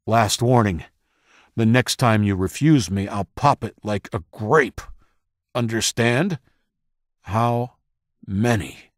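A man voicing a brutal, cold male interrogator who barks slow, hard demands. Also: fairly low pitch, no room sound, clean studio sound, pitched above the performer's own voice. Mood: menacing.

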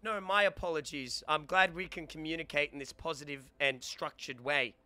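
A young man streaming casually, excitable and prone to stammering and restarting words. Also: on the high side, moderate pace, clear, resonant tone. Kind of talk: casual live-stream chat.

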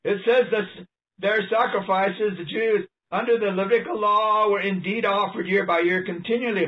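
A man preaching an animated, emphatic sermon, reading passages aloud and laughing often. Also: high-pitched. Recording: distant mic, dull lo-fi sound.

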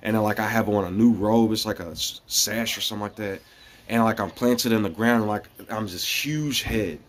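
Rambling earnest man, low voice. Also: moderate pace. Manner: rambling and earnest, with many fillers and restarts. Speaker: vlogger. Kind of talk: casual spiritual monologue.

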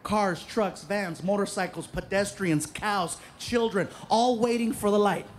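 A male stand-up comedian telling an animated, exaggerated story that shifts into character voices. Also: high-pitched, unhurried, slight background noise.

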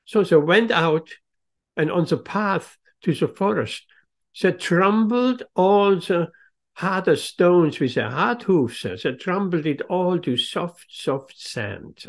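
A man giving a devotional lecture, telling a story slowly and stressing key words. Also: sits high, expressive. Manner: slow, emphatic, leans on key words.

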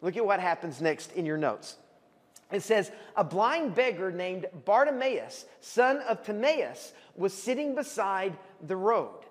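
A man, a pastor preaching a sermon and telling the story vividly, at times calling out loudly as the people in it. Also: sits high, measured pace. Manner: animated storytelling, acts out shouting voices. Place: church hall. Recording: long hall reverb.

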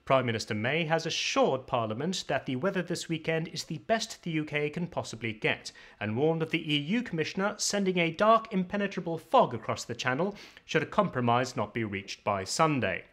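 A man's voice: fairly high pitch, very animated, a little fast, few pauses, a bit bright. A man putting on an upper-class English accent to play a pompous TV newsreader, with a tight, throaty sound and a clenched, falsely reassuring delivery. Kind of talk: comedic newsreader parody.

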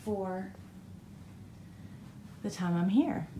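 A woman's voice: mid-range voice, animated, drawn-out words, dark tone, a little hiss or hum. A woman chatting casually about her cross-stitch, rambling with fillers and correcting herself. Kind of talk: casual show-and-tell chat. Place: condo balcony by the beach.

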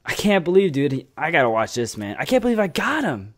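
A young man giving casual, excitable commentary over a shooter game, cursing freely and tagging "man" onto his lines. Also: fairly high pitch, quick pace. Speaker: gameplay commentator.

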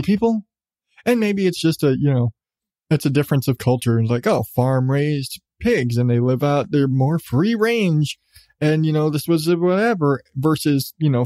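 A man's voice: fairly high pitch, warm tone, no echo. A man hosting his own podcast, ranting casually with plenty of swearing and sarcastic asides, laughing at himself. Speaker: podcast host. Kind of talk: casual solo podcast rant.

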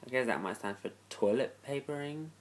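A young man from London with a London accent, reading a word list in a casual, offhand, deadpan vlog. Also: medium pitch, a little fast. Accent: London English. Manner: offhand, deadpan, self-deprecating. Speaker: vlogger. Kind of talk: casual talking-head vlog.

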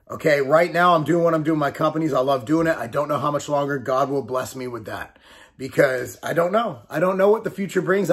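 A fitness company owner and bodybuilder in his forties talks straight to camera in a casual vlog, blunt and emphatic, swearing and repeating his points. His voice is fairly high-pitched with a fairly bright tone.

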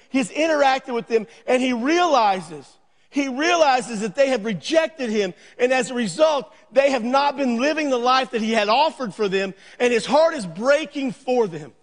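A man's voice: very high voice, in a large hall. A man preaching a sermon, earnest, with repeated phrases, building now and then to a raised, emphatic voice. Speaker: pastor.

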